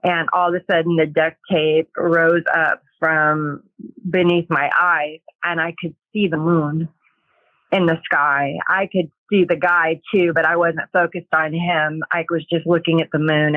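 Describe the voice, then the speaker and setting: A woman sharing a personal testimony in a hesitant, halting way, pausing often as she recounts her story. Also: low-pitched, fairly even intonation, dry recording, narrow, tinny audio. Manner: hesitant, halting, with many pauses.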